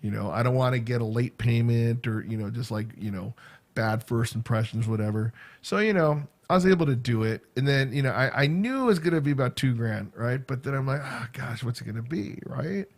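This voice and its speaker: A man's voice: medium pitch, brisk. A man in his fifties telling a rambling, casual story to his viewers, full of fillers and repeated words. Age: 50s. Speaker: vlogger and school teacher. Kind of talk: casual chat.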